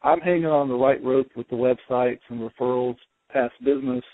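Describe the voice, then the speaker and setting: Gravelly man on a tinny line. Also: medium pitch, steady tone, no echo. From US Midwest. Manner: halting, many fillers and restarts. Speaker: guest, home inspector. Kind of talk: casual interview chat. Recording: dry, phone-like narrow sound.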